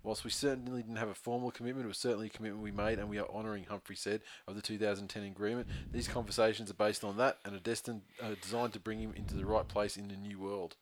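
A man's voice: fairly low pitch, little pitch movement, fast, hardly any pauses, slight background noise. A man co-hosting a sports podcast, talking in a blunt, argumentative, sweary way. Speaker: podcast co-host. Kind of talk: casual sports chat.

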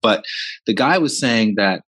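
A man's voice: lowish voice, animated, a little slow, a bit bright. A man hosting a podcast interview, telling stories and affirming his guest. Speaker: podcast host. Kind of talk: interview conversation.

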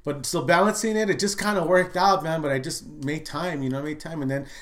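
A middle-aged man, appearing as a guest in a casual interview, spins stories in a loose, chatty style peppered with "dude" and "you know what I mean." His voice is a little high, fairly quick, and fairly even in intonation, though he acts out quoted lines and swings between loud and soft.

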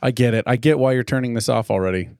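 A man co-hosts a casual whiskey-tasting podcast and rambles along with a running string of jokes at his own expense. His voice sits at an ordinary pitch and is captured close up in a dry room. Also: quick pace, darkish tone, clean tone, dry recording. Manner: joking, rambling, self-deprecating. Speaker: podcast co-host.

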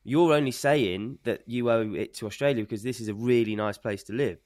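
A man's voice: medium pitch, brisk, darkish tone, no echo, clean studio sound. A man co-hosting a casual sports podcast, challenging the others with pointed questions. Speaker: podcast co-host.

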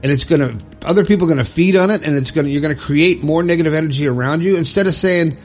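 A man's voice: on the high side, fast, few pauses, faint music behind. A man giving an earnest motivational monologue, bluntly repeating his points and swearing mildly now and then.

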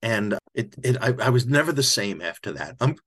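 A man's voice: mid-range voice, animated, a little fast, fairly bright tone. Emotional older man telling a story. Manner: reflective, emotional storyteller with frequent restarts. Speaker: author and podcast guest. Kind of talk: storytelling in an interview.

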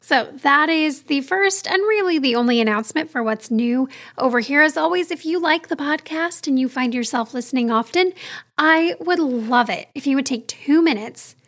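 A woman's voice: high-pitched, expressive, moderate pace. A woman in her thirties hosting a solo podcast, talking to listeners in a candid, chatty, personal way. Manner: warm, candid and chatty, talks straight to listeners. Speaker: podcast host.

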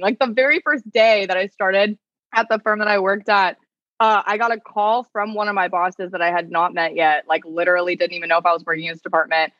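A young adult woman, an attorney guest on a podcast, telling an animated story in casual chat, full of "like" and quoted lines. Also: mid-range voice, a little fast, no echo, muffled recording. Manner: animated storytelling, heavy use of "like", quoting people. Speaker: attorney and content creator, guest.

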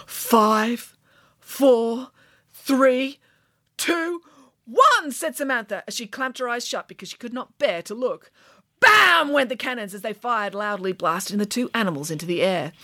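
A woman's voice: medium pitch, lively intonation, a little fast, sharp tone, no room sound. A woman narrates a children's book with a playful, wry touch, often turning to address the listener. Her voice moves animatedly through its range, recorded close and dry. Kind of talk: storybook read-aloud.

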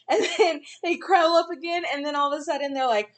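A woman in her thirties, a mother, telling animated stories in casual chat with frequent laughs. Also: sits high, quick pace, few pauses.

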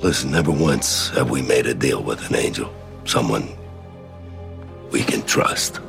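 A man doing an impression of a gruff, stern male police sergeant, gravelly and hard-nosed. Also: a bass voice, unhurried, over music, pitched below the performer's own voice, full character voice.

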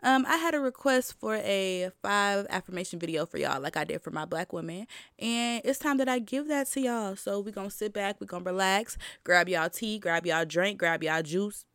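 A woman's voice: medium pitch, lively intonation, normal speed, a bit bright, clear, resonant tone, dry recording, clean studio sound. A woman vlogger giving a casual, emphatic motivational talk, addressing her listeners directly in slangy speech and repeating her points for stress.

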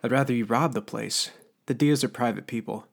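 A man's voice: medium pitch, fairly quick, creaky. A man voicing a proud, hot-tempered teenage boy in an audiobook, speaking in a tense, raised, defiant way. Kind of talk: audiobook character voice.

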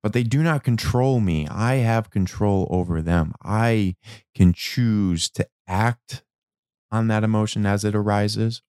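A man giving a reflective motivational talk about anger and change, slow and emphatic, repeating words and now and then swearing. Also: lowish voice, a little mellow, clean tone, dry recording, clean studio sound. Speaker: self-help speaker.

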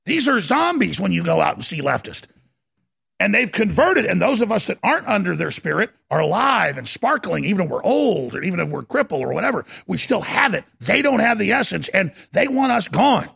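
A male talk host rants in a fervent, preacher-like monologue. His voice sits high, with heavy gravel and a husky edge. He often erupts into shouting. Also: big pitch swings, a little fast. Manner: impassioned, preacher-like, bursts into shouting.

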